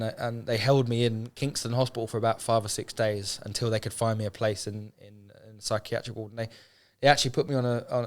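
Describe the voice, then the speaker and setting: A man speaking as an interview guest, telling a hard personal story in a candid, unpolished way. He swears freely, restarts his sentences and slips into the voices of people he quotes. His pitch sits in the middle for a man.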